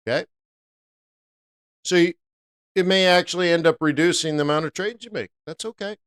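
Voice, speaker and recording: Animated, joking man with a smooth voice. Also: fairly high pitch, a little fast. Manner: animated and jokey, breaks into loud playful impressions. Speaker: forex trader hosting a live stream. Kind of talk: live trading commentary.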